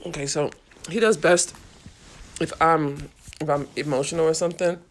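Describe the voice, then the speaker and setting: A woman's voice: sits low, steady tone, normal speed. A woman hosting a casual live stream, talking through comments with viewers in an impassioned, swearing, tired way.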